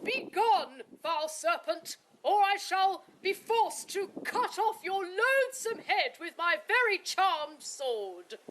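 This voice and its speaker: A woman's voice: very high-pitched, very animated, slow, hardly any pauses, a bit bright, slight background noise, voice pushed up, exaggerated voice. A woman voicing an earnest male knight who declaims grand threats in a told story. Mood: declaiming. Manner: declaiming, bold.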